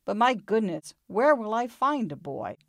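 A woman voicing an eager, polite little male puppy in a read-aloud storybook, higher and brighter than her narration. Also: big pitch swings, measured pace, no echo, clean studio sound. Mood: disappointed.

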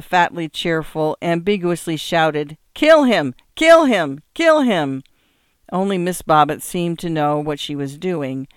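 A man narrating a story as an audiobook, in a measured, even storytelling manner. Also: on the high side, smooth, no room sound, studio quality.

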